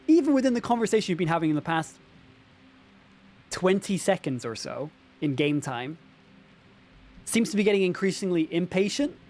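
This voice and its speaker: A man narrating a tabletop game as game master on a live stream, talking straight to the chat in a lively way. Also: a little high. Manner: lively, addresses chat directly, frequent fillers.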